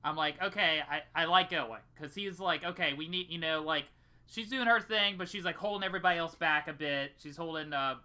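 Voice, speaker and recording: A man's voice: a little high, brisk, sharp tone. A young man co-hosting a podcast in casual chat, rambling and swearing freely. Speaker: podcast co-host.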